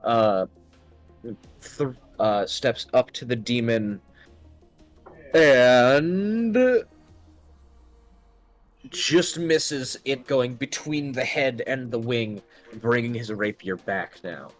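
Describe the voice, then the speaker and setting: A man narrates a tabletop game as its game master. He talks at a slow, measured pace, sits at an ordinary middle pitch, and pauses often on ums and small restarts as he describes the action. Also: soft background music. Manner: halting, with frequent ums and restarts.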